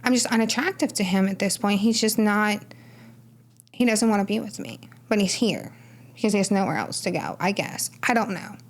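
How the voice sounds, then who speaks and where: A woman's voice: medium pitch, expressive, moderate pace. A woman guest on a podcast, telling her personal story casually and loosely, full of "like" and "right?". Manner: rambling storytelling with frequent "like" and "right?". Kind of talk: personal testimony in casual conversation.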